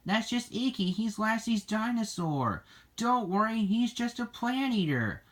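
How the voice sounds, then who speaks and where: A reader voicing a mother on a farm in a storybook reading, with a gentle, soothing delivery. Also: mid-range voice, big pitch swings, unhurried, pitched above the performer's own voice.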